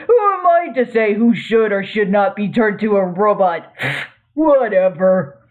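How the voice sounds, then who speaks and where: A woman's voice: medium pitch, animated, unhurried, close to an everyday voice. A woman voicing a vain, cowardly male space captain who talks in a pompous, self-pitying, theatrical way. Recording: tinny phone-like audio.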